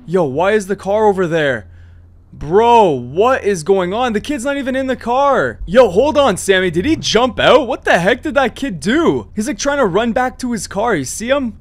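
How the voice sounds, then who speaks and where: Hyped up gamer dude narrating a roleplay, high voice, bouncing all over the place. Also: male voice, normal speed, faint music behind. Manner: excitable, slangy, reacts loudly to surprises. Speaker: gaming channel host. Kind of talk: gameplay commentary retelling a roleplay.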